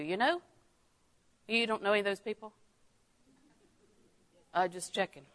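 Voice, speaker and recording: An older woman delivers a Bible lesson with a bright, clear tone. She chuckles often and voices her own thoughts in quick quoted asides. Her delivery swings from soft, confiding remarks to loud, emphatic lines. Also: medium pitch. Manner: lively, laughing often, acting out inner thoughts. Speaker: Bible teacher. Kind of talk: sermon.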